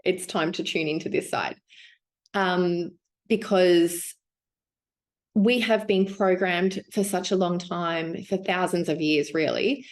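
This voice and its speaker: A woman's voice: fairly low pitch, steady tone, slow. A woman giving a casual spiritual teaching, musing aloud with fillers and restarts.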